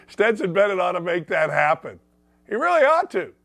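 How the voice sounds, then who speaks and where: A man's voice: high voice, very animated, normal speed, creaky, a bit bright, no echo. A man hosting a sports talk show, giving brash, mocking opinions straight to his viewers.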